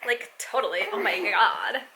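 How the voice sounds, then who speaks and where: A woman's voice: medium pitch, expressive, normal speed, noisy background, close to an everyday voice. A woman putting on a faux valley girl voice, an airy, gossipy young woman.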